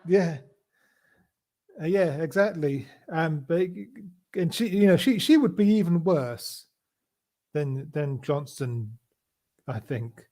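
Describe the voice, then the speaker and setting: A man hosting a casual political chat show, talking in a halting way with many restarts and fillers. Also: fairly high pitch, animated, dark tone. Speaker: podcast host.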